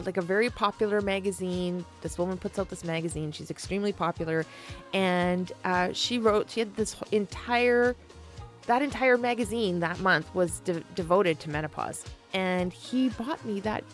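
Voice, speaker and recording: A woman in her forties hosting a podcast, talking frankly and playfully in a casual monologue and calling her listeners pet names. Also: medium pitch. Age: 40s. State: perimenopausal. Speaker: podcast host.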